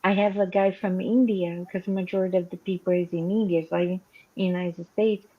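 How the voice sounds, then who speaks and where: A livestream host with a non-native English accent tells stories in a casual live chat, animatedly acting out the calls and quoted dialogue she describes. Her voice is lowish and brisk, with a phone-quality sound.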